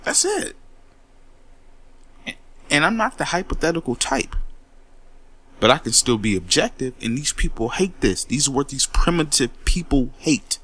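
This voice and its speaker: A man's voice: mid-range voice, big pitch swings, normal speed, fairly bright tone. A man in a heated, profane monologue, taking on critics with repeated words and a confrontational edge. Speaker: commentary host.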